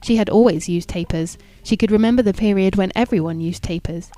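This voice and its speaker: A woman narrating a classic novel in a measured, even and formal reading. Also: medium pitch, dry recording. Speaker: audiobook narrator.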